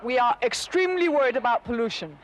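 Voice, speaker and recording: A man's voice: very high-pitched, expressive, a little hiss or hum. An actor playing a fussy male protester who defends his new car in a TV sketch. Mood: earnest. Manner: defensive, quick to argue.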